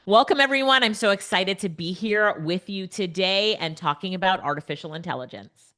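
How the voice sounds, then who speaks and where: A woman's voice: medium pitch, a little fast, a bit bright. A middle-aged woman running a live online class, chatty and upbeat, laughing often as she talks to viewers over a computer mic. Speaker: webinar instructor. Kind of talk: live online teaching demo. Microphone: computer mic on a video call.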